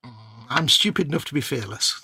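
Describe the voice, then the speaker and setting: A man's voice: mid-range voice, expressive, fairly quick, vocal fry, pushed and bright, husky, dry recording. A man co-hosting a casual live stream who teases his co-host with dry banter. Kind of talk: casual chat.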